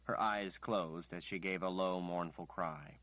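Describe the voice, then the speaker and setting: A man narrating an audiobook in a measured, steady storytelling manner. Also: low-pitched, no echo. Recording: dry, slightly muffled recording.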